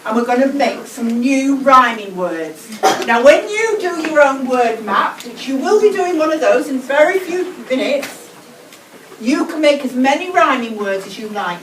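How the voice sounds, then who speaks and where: An English woman teaching a whole class in a school classroom, giving brisk instructions and repeating key words slowly. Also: on the high side. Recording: echoey classroom, distant mic, noisy.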